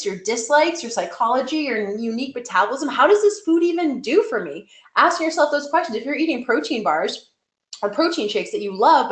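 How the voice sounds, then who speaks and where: Woman, nutrition coach, webinar talk, emphatic and chatty, somewhat high voice, echoey room. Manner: conversational, emphatic, frequent "like" fillers.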